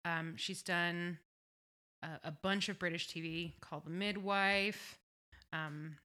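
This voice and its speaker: A woman's voice: on the low side, fairly even intonation, slow pace, sharp tone. A woman co-hosting a podcast, chatting casually about a TV episode, swearing freely and laughing often. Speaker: podcast co-host. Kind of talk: casual chat recap.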